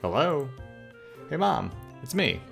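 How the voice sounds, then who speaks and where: A man's voice: medium pitch, big pitch swings, takes it slowly, creaky, fairly bright tone, faint music behind, pitched above the performer's own voice, exaggerated voice. A man voicing a timid male cat detective who pleads with his mother. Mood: meek. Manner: meek, whiny, pleading.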